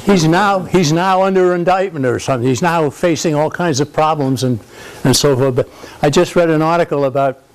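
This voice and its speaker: A man's voice: a little high, fairly quick, poor audio. An older man speaking informally to an audience at a club event, rambling and conversational with frequent restarts. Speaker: speaker at a political society event. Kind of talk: informal speech to a live audience. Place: country club function room.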